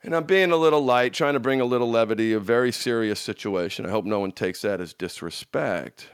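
A man coaching an audience in a motivational talk, emphatic and repetitive, swinging from loud bursts to hushed lines, with frank, salty language. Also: medium pitch, a little fast, clean tone, dry recording, studio quality. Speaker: addiction recovery coach.

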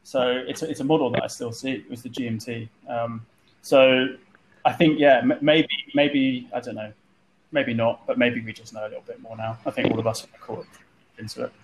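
A man's voice: medium pitch, steady tone, moderate pace. A man telling stories in a casual group chat, often repeating words as he starts a phrase. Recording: light background noise.

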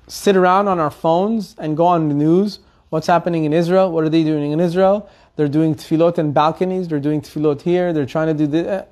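A man giving a weekly Torah lesson, telling stories earnestly and asking his listeners rhetorical questions. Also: on the high side. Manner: animated storytelling with rhetorical questions. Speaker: Torah teacher.

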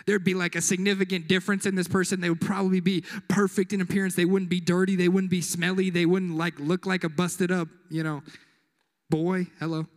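Young guy youth pastor, high voice, slangy jokey sermon, echoey church hall. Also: level tone, brisk. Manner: joking, slangy, conversational. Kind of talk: casual sermon.

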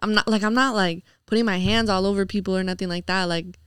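A woman's voice: medium pitch, steady tone, fast talker, fairly bright tone, clear, resonant tone, dry recording, clean studio sound. A young woman chatting as a podcast guest, full of fillers, laughing often and slipping into mocking voices. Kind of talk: casual podcast chat.

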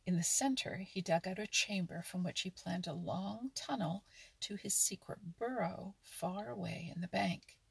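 Husky woman reading a children's story. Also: on the low side, a little slow, no echo. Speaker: narrator.

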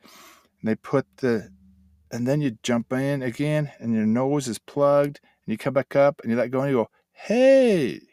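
A man's voice: mid-range voice, steady tone, moderate pace, darkish tone, no room sound. An older man hosting a motivational talk, telling folksy stories and acting out little sound effects. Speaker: host and addiction mentor trainer.

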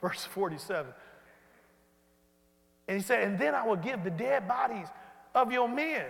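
A man preaching an animated sermon and leading the congregation in call-and-response. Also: high voice, normal speed, creaky. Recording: hall reverb.

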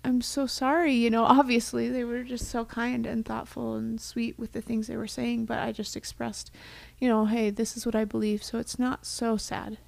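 A woman's voice: on the high side, flat delivery, moderate pace, vocal fry, hardly any pauses, no room sound. A young woman co-hosting a casual chat, speaking heartfelt and reflective, sometimes dropping to a whisper. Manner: heartfelt, reflective, drops to a whisper for quoted thoughts.

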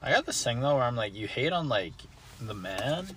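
A man's voice: mid-range voice, sing-song, normal speed, fairly bright tone, slight background noise, rough recording. A man co-hosting a podcast, talking in laid-back casual chat and chiming in with jokes. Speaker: podcast co-host.

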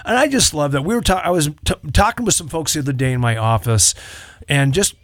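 Chatty joking pastor, dry sound. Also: male voice, a little high, fast talker, dry recording. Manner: joking, chatty, lively asides. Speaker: assistant pastor. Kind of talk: casual radio talk show chat.

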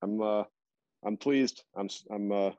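A man's voice: lowish voice, measured pace, mellow, slight background noise. A man chatting casually about sports on a podcast, rambling with lots of fillers and restarts. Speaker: podcast guest. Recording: dull, dry lo-fi recording.

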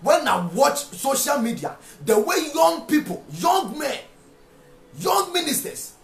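A man preaching a sermon, repeating phrases and rising to shouted rhetorical questions. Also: extremely high pitch, big pitch swings, measured pace, creaky. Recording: echoey room with faint music.

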